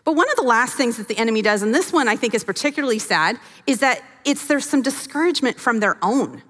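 A woman teaching a sermon from scripture, animated and acting out the characters' voices as she tells the story. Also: on the high side, quick pace, big-room sound. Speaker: Bible teacher.

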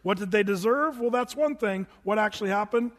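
A man preaching a sermon as pastor, animated and acting out voices with big pitch jumps. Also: a little fast, big-room sound.

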